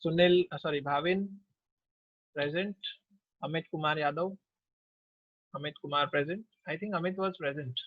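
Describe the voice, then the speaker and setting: A male teacher with an Indian accent calls the roll in a brisk, businesslike way, switching freely between English and Hindi. His voice sits a little high. The recording is dry and close, with a dull, lo-fi sound. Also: no echo. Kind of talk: taking class attendance.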